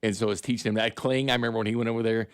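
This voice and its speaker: Gravelly, ranting sports radio man. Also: mid-range voice, little pitch movement, very fast, no room sound, clean studio sound. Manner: blunt, ranting complaints. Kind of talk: casual sports radio banter.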